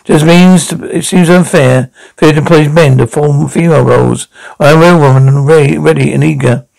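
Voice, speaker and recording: A man's voice: fairly high pitch, fairly even intonation, brisk, vocal fry, darkish tone, low-quality recording. A man voicing an eager, earnest young woman who wants stage roles, in a comic audio play.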